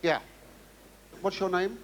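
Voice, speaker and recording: A man's voice: sits high, slow, heavy background noise. An older male comedian taking audience questions, rambling through stories with stammers and wry asides. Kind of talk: stand-up audience Q&A.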